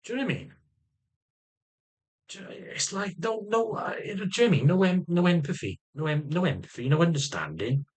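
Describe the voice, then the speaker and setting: Guy vlogging, husky voice, bit high, swears a lot and rambles, keeps repeating himself. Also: big pitch swings, brisk. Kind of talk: unscripted personal vlog.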